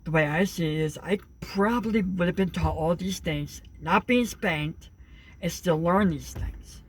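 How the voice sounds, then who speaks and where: A man's voice: high-pitched, measured pace, slightly rough. A young man talking earnestly in a casual monologue, rambling with many fillers and restarts. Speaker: vlogger.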